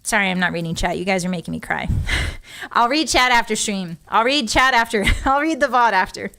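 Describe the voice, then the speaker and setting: A woman's voice: medium pitch, brisk, creaky, pushed and bright. A young woman streamer chatting casually with her live audience, emotional and giggly as she talks and reads chat.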